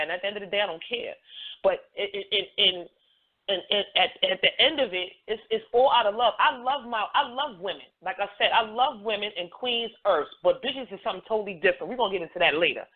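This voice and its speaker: A woman hosting a call-in talk show, chatting loosely and often stopping to ask "you know what I'm saying". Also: medium pitch. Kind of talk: casual call-in chat. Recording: tinny phone line.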